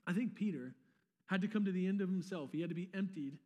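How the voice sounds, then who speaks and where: A man with a high, bright-toned voice preaches a sermon, his words carrying a long reverb from a large church hall. He talks casually and conversationally, dropping in slangy asides and repeating words as he goes. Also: fast talker, dull audio. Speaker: pastor.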